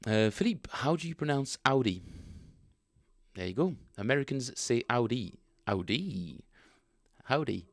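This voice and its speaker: A man casually chatting with viewers on a live stream, rambling and joking as he reads chat aloud. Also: medium pitch. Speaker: bass player streaming practice.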